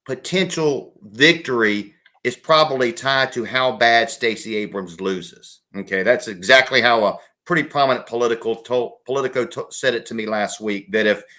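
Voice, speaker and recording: A middle-aged man from South Carolina, speaking as a guest on a political show. He talks in a folksy way, correcting himself and restarting often. His voice sits at an ordinary middle pitch. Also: normal speed, bright, forceful tone. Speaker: guest, former state legislator. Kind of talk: political interview.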